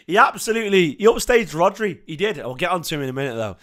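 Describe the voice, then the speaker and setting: A hoarse man, talking in a slightly higher register than most men. He gushes about his team with passionate repetition, his worn-out voice cracking with feeling. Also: sing-song, fast, sharp tone. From Manchester, England. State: hoarse, lost voice. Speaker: football fan channel host. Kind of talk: emotional match reaction vlog.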